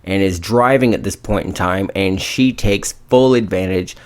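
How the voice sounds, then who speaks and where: A low-voiced man co-hosting a podcast who recaps a movie plot with animated, profane energy. He talks in a casual, loose way. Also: moderate pace. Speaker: podcast co-host.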